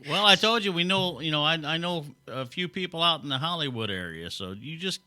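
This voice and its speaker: A man's voice: a little high, animated, fairly quick, pushed and bright, no echo. An American man hosting a podcast, easygoing and chuckling as he tells stories. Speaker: podcast host. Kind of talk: casual chat.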